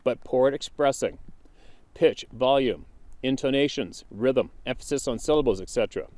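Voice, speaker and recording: A man of medium pitch reads a viewer's email aloud, stepping steadily through numbered points. The sound is dry and close, with little room in it. When he turns to his own thoughts he slows into a hesitant, musing tone with fillers. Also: a little mellow, no echo. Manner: measured list-reading, then hesitant and musing with fillers. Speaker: channel host reading viewer emails. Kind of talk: reading an email aloud, then casual commentary.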